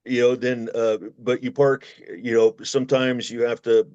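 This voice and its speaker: A man's voice: mid-range voice, level tone, normal speed, darkish tone, clean tone, no echo, dull audio. A man, a former long-haul truck driver, telling road stories in rambling casual chat and acting out the voices he quotes.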